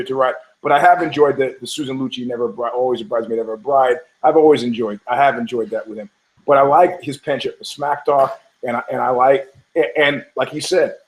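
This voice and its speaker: A man's voice: mid-range voice, low-quality recording. A man hosting a podcast, riffing in a rambling, profane monologue full of restarts and tangents, telling jokes and acting out the voices. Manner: storytelling with voices, laughs at own jokes. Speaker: podcast host. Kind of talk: casual sports commentary monologue.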